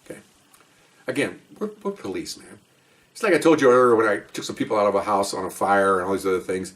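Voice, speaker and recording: Male police officer telling stories, brisk and rambling, a bit far from the mic. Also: fairly low pitch. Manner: rambling, conversational, acts out quoted dialogue. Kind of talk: casual spoken storytelling. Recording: voice distant from the mic.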